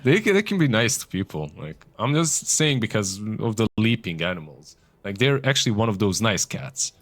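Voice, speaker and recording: A man's voice: lowish voice, big pitch swings, moderate pace. A man co-casting an esports stream, bantering and laughing with his partner. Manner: laughs often, playful banter. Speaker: esports co-caster. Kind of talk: casual stream chat.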